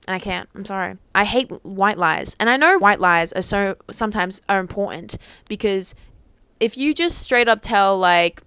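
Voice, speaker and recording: Smooth-voiced woman rambling on camera. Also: mid-range voice, normal speed, fairly bright tone, no echo. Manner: rambling, filler-heavy, swears freely. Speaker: vlogger. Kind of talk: casual monologue to camera.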